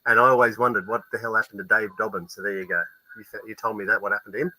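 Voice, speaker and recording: Australian-raised male co-host, laid-back, bright tone, dead-dry mic. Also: fairly low pitch, rapid-fire, no room sound, poor audio. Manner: relaxed, chatty, swears casually. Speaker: music show co-host. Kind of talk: casual music chat.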